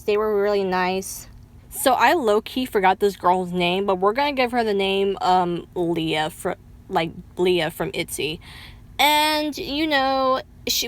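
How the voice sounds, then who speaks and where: Casual storytime girl, talks fast n animated, cusses a lot, voice jumps way up for quotes. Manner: animated, swears freely, many "like" fillers; dramatic pitch jumps when quoting people. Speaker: vlogger.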